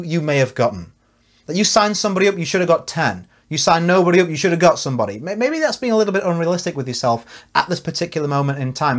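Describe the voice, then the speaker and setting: Man, fairly high voice, earnest motivational talk, encouraging, casual restarts. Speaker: network marketing coach.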